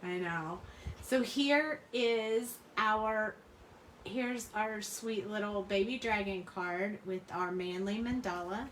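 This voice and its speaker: A woman's voice: mid-range voice, slow pace, a bit bright, slight background noise. Chatty woman crafter in an echoey room. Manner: chatty, rambling, laughs often. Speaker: crafting channel host. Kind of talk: casual chat while crafting. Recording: roomy room, mic at a distance.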